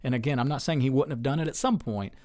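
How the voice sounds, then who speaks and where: A man's voice: medium pitch, quick pace, darkish tone. Earnest, chatty man telling stories. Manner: chatty and earnest, many fillers and restarts. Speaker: state lawmaker as guest. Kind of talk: casual storytelling interview.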